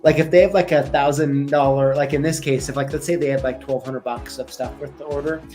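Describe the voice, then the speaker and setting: A man's voice: medium pitch, fairly even intonation, brisk, mellow. Chatty male livestream host, faint music. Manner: chatty, rambling, with frequent ums and laughs. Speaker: show host. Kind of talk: casual livestream chat. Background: faint music playing.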